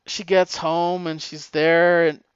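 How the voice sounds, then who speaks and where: A man's voice: a little high, little pitch movement, slow, clean tone, no echo. A man casually recapping a comic book, getting emotional and choking up as he talks. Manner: emotional, chokes up while recounting. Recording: dull lo-fi recording.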